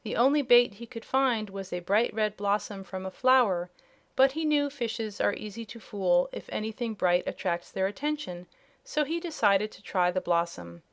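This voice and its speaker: Female audiobook narrator, even and clear, storybook reading. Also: medium pitch, moderate pace.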